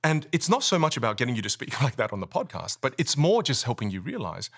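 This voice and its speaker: A man coaching speaking skills in a podcast studio, animated and melodic, swooping between high and low. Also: quick pace, gravelly. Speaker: communication coach.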